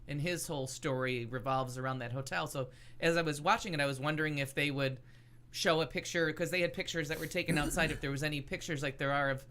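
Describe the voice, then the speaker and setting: A woman co-hosting a casual talk show, telling a story in a rambling, halting way with many restarts. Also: low voice, a bit bright. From United States. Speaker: podcast host. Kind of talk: casual chat.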